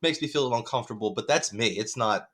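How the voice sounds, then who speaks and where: This is a man telling a story in casual podcast chat, and he is a parent. He rambles and hedges as he goes, stopping now and then to laugh. His pitch sits at a middle level for a man, neither high nor low. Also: fast talker, fairly bright tone. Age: adult parent. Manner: rambling, hedging, laughs often.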